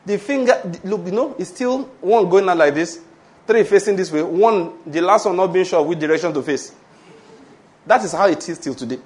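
A pastor with a Nigerian English accent preaches a sermon in a high-pitched voice at a moderate pace. He's animated, tossing out rhetorical questions and calling for amens in a call-and-response style.

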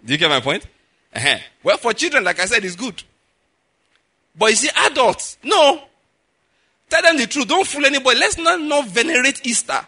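A man's voice: extremely high pitch, sing-song, moderate pace, long pauses, bright, forceful tone. A man preaching a sermon as a pastor, emphatic, often checking in with the listeners with asides. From Nigeria.

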